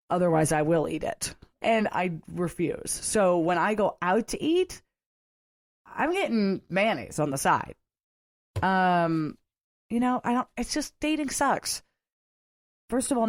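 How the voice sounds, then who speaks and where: A woman's voice: on the low side, no echo, studio quality. A woman in her thirties hosting a podcast, telling rambling stories in a chatty way and laughing often. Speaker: podcast host. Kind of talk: casual solo storytelling.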